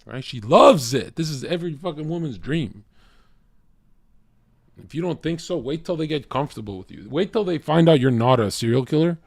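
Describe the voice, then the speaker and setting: A man's voice: animated, moderate pace, vocal fry, dry recording. Blunt, profane male streamer, dry close mic. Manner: blunt, profane, swings from shouting to low muttering. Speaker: livestream host talking to chat. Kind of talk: unscripted livestream rant.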